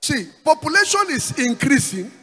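A pastor with a Nigerian English accent preaches in a church hall, repeating words and dropping in asides like "praise the Lord." His voice is very high-pitched, very animated, pushed and bright, at normal speed. The hall is reverberant, with faint music in the background.

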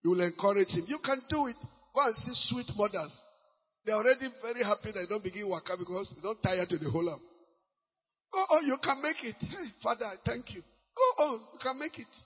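A man with a Nigerian accent preaching a sermon as pastor, lively and mixing Pidgin, sometimes breaking into shouts. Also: high voice, fairly quick, breathy edge. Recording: muffled, long hall reverb.

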